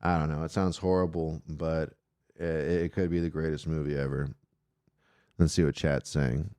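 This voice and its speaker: A man's voice: very deep voice, level tone, normal speed, dark tone, no echo. A man hosting an irreverent call-in live stream, talking casually and rambling loosely, with swearing. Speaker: call-in show host.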